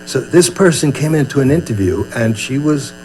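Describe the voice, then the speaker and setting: A man's voice: mid-range voice, expressive, normal speed, a little mellow, low-quality recording. An older man from Brooklyn, giving a chatty, humorous dharma talk as a meditation teacher and acting out little scenes. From Brooklyn, USA. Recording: faint mains hum.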